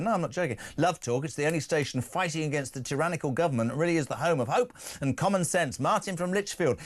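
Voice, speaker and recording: A middle-aged man filling in as a talk radio host reads listener texts aloud, tossing in quick jokey asides and laughing at his own lines. His voice is a little high and animated.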